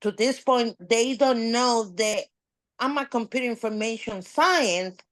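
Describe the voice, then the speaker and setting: A woman guest on a podcast, telling a story in a casual, animated way, with nonstandard English grammar. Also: on the high side, a little slow, no echo. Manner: animated, acts out quoted dialogue.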